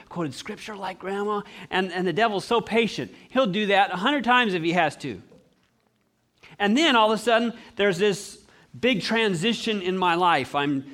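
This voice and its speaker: A man preaching a sermon, telling stories and acting out voices. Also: high-pitched. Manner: animated storyteller acting out voices.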